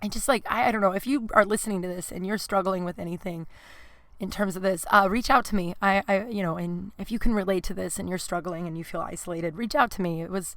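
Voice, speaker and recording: A woman's voice: medium pitch, fast, a bit bright, dry recording. A woman hosting a podcast, speaking in a personal confessional monologue, emotional and at times crying, with many "like" fillers. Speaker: podcast host. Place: closet at home.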